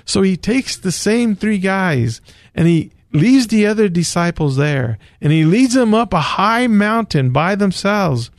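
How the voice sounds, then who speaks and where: A man teaching the Bible on the radio, taking his time over each phrase. His voice is somewhat high for a man and has a gravelly fry, and it sits close and dry with no room sound. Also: lively intonation, unhurried, dry recording. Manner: storytelling retelling of scripture, earnest. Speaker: radio show host teaching scripture.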